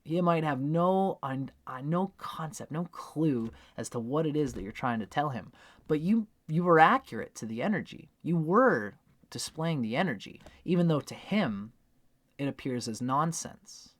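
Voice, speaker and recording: A man's voice: fairly high pitch, expressive, moderate pace. A man teaching astrology in a casual, conversational spoken book review, acting out his examples as he goes.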